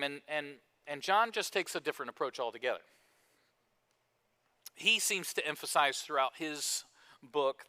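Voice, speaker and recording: A man with a high, very bright and clear voice delivers a sermon in church. He talks in a conversational way, restarts his words, and jokes with the congregation. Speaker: pastor.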